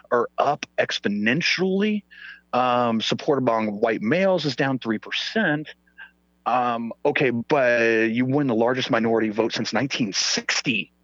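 A man's voice: fairly bright tone, no room sound, dull audio. A man in casual political chat, ranting and swearing, his voice jumping up when he is incredulous. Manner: rants, swears, pitch jumps when incredulous.

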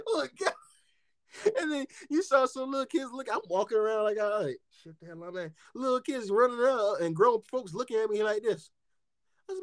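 A man telling a story in casual chat, animated and profane, laughing often and acting out what people said. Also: very high-pitched, normal speed, long pauses, no room sound, clean studio sound.

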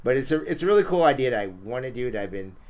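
A man's voice: mid-range voice, sing-song, very fast, darkish tone. A man hosting a podcast in casual chat, rambling with fillers and restarts. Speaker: podcast host.

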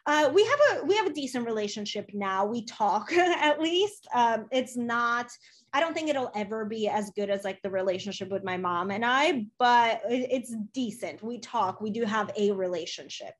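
A woman's voice: a little high, animated, normal speed. A woman coach as an interview guest, talking earnestly and chattily with many fillers. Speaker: life coach, podcast guest. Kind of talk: casual interview talk.

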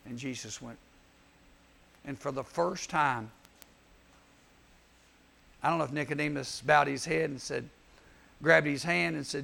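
Youth preacher, male, pitched high with a raspy fry, acts out scripture voices. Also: moderate pace, pauses often. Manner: animated storytelling, acts out Bible voices. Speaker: youth speaker. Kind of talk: youth sermon.

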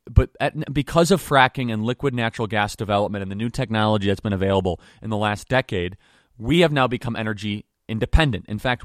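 A man's voice: medium pitch, fairly bright tone, dry recording, studio quality. A young man hosting a political podcast, delivering commentary in an emphatic, punchy style with lists of charges. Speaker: podcast host.

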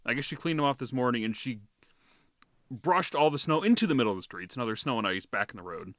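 A man's voice: mid-range voice, lively intonation, fast, fairly bright tone, no room sound, studio quality. A man co-hosting a podcast, telling a story in a casual, profane, fired-up rant. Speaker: podcast co-host.

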